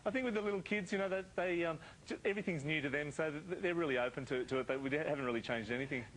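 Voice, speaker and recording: A man answers in a live television interview, rushing his words and circling back with fillers. He sounds sincere rather than showy. A faint hiss runs underneath. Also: fairly high pitch, fairly bright tone, rough recording. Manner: earnest, rambling with many fillers. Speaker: children's entertainer being interviewed.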